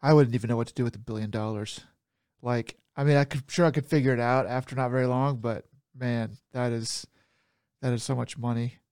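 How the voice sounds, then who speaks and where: A man's voice: medium pitch, fairly even intonation, brisk, a little mellow, smooth, dry recording. A man co-hosting a casual podcast over a call, talking in a mid-range voice. He is chatty, laughs easily and gets heated. The sound is dry and close. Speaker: podcast co-host. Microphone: remote call mic.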